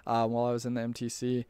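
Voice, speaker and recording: A man's voice: medium pitch, monotone, fast talker, darkish tone, smooth, no echo. A young man telling a casual, rambling story about his time as a missionary, often restarting his sentences and chuckling. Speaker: storyteller recalling a church mission.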